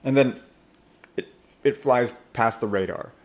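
Animated man coaching on first impressions. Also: mid-range voice, unhurried. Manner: animated, laughs often while explaining. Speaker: language coach. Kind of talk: podcast interview guest.

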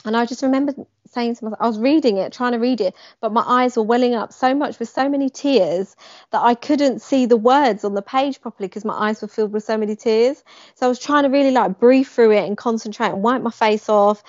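A woman's voice: on the high side, a little fast, no echo. A young woman telling a personal story in conversation, animating the moments she describes. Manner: animated, acts out quoted lines with emphasis. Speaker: guest. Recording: dry, slightly dull lo-fi sound.

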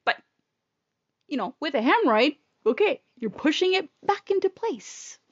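A woman's voice: sits high, sing-song, normal speed, dry recording, highs cut off. A woman telling a personal story in a casual, blunt, profane and emotional way.

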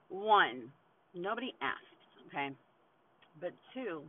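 A woman in her forties venting in a casual podcast monologue, blunt and heavily profane, with frequent laughs between lines. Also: on the low side. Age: 40s. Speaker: podcast host. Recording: tinny phone-like recording.

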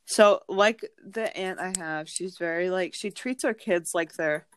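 A woman co-hosting a podcast who tells family stories in a casual, animated way, full of "like", and often acts out the other people's voices. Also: on the low side, a little slow, clear, resonant tone, no echo. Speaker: podcast co-host. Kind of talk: casual storytelling chat.

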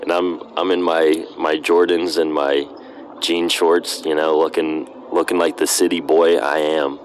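A young man with a very low, deep voice and a Pittsburgh accent, chatting casually as a podcast guest. He jokes bluntly and ribs his friend. A faint hiss sits under his voice. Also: little pitch movement, a little slow. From Pittsburgh, Pennsylvania. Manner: joking, blunt. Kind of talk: casual chat.

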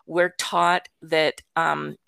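An older woman with a low, gravelly voice tells a story in a lively, chatty way. She acts out the quotes and laughs lightly now and then. The sound is dry and close. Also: drawn-out words, no room sound. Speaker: guest. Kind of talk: casual storytelling.

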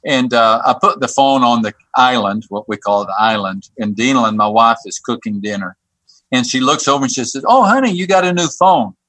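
A man who works on a church staff tells a personal story as a guest. He talks haltingly, repeating words and restarting his sentences. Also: medium pitch, bright, forceful tone, no echo. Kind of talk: telling a personal story on a podcast.

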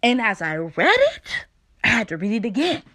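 A woman giving a personal devotional talk, candid and conversational, with playful asides and slow, deliberate scripture reading. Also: fairly high pitch, huge pitch swings, sharp tone. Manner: reads scripture slowly and deliberately. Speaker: speaker sharing a faith testimony.

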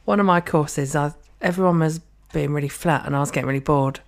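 A woman's voice: sits low, fairly quick. A woman co-hosting a podcast, ranting in a casual, sweary way and slipping into mock quotes of other people. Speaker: podcast co-host. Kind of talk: casual chat.

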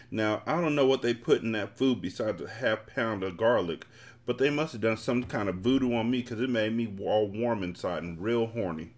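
A podcast host reading a novel aloud in a fairly low male voice. He narrates in a relaxed, casual storytelling manner, leaning into the slang of the text.

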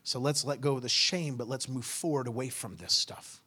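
A man's voice: medium pitch, moderate pace, slightly rough. A male pastor tells a personal story during a sermon. He speaks in an everyday mid-range voice with a casual, conversational flow. He slips into the voices of the people in the story. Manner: animated, acts out dialogue; relaxed, conversational.

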